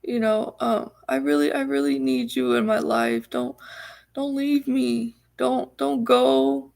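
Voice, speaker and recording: A woman voicing a desperate, clingy young man who begs in a drawn-out, whiny way. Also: on the high side, flat delivery, gravelly, a little mellow. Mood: pleading.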